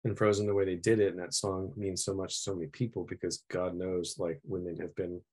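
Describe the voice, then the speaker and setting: Male podcast guest; reflective and thoughtful, very low pitch, husky tone. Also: flat delivery, brisk, a little mellow. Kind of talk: casual chat.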